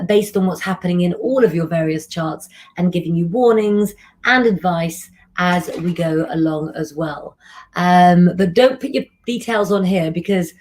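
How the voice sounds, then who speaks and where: A woman's voice: on the low side, darkish tone. A woman hosting a casual astrology livestream, chatty and affectionate, calling viewers darling and honey. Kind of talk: casual live-stream chat.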